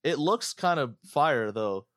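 A brash, foul-mouthed American man ranting in casual podcast banter. His voice sits slightly high and he swears his way through animated bits. The sound is close and dry, with no room around it. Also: slow, no echo. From United States. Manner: brash, profane, animated storytelling. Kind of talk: casual chat.

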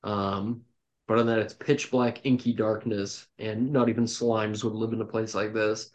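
A man running a tabletop game as dungeon master, narrating in a loose, relaxed way full of ums and restarts. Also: fairly low pitch, normal speed, lo-fi sound. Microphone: home microphone on an online call.

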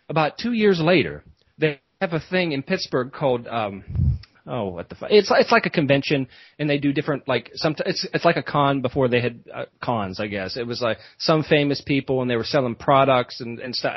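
A man's voice: mid-range voice, no room sound, muffled recording. A man, a podcast host, telling a long rambling story in casual chat, full of restarts and asides.

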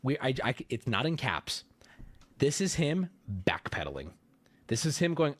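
A man's voice: mid-range voice, sing-song, normal speed, dry recording. A man hosting a live stream, reacting with incredulous, rambling commentary full of restarts. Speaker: streamer host.

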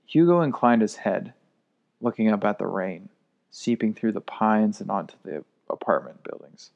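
A man narrating a first-person story in a steady storytelling manner. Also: on the low side, normal speed, vocal fry.

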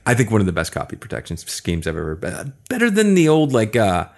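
Male podcast host, casual and jokey, lower-pitched voice, animated delivery. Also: quick pace. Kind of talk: casual chat.

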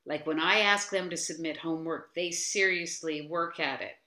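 A woman who teaches dance appears as a guest in a casual interview, animatedly telling stories and saying "you know" frequently. Her low voice moves at a moderate pace, and the recording has a roomy echo.

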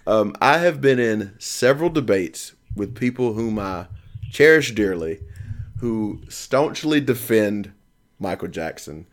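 A man's voice: fairly low pitch, animated, takes it slowly. A man in his thirties hosting a casual podcast, rambling and joking with plenty of ums. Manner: rambling, jokey, lots of ums. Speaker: podcast host.

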